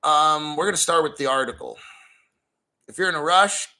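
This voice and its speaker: A man's voice: fairly high pitch, normal speed, bright, forceful tone, low-quality recording. A middle-aged man hosting a livestream, ranting in a foul-mouthed, combative and rambling way. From United States. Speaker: crypto livestream host. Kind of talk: profane ranting livestream talk.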